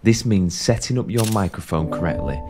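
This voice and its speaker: A man reading a calm, scripted instructional voice-over for a game's microphone setup. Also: sits low, brisk, over music. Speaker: game tutorial voice-over. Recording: faint background noise.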